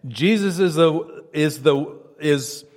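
A man delivers a sermon with earnest conviction, dropping his voice low and soft at solemn moments. His voice sits a little high for a man. It rings out with a long reverb, as in a large hall. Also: slow. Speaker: preacher.

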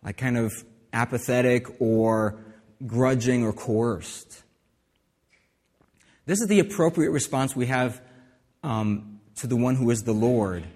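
A man's voice: medium pitch, darkish tone, big-room sound. A man preaching a sermon as pastor, in a conversational way with asides and restarts.

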